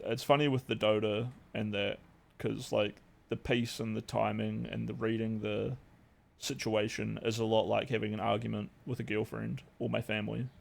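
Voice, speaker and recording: A man's voice: fairly low pitch, creaky. A young man, streaming and chatting casually, rambling with lots of fillers and swearing. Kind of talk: casual live-stream chat.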